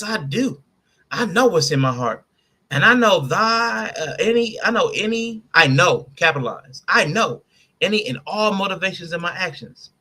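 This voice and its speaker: A man's voice: on the high side, sharp tone. A man hosting a casual commentary podcast, reading out quotes and picking them apart. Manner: reads out quotes and picks them apart, laughing with his co-host. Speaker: podcast host.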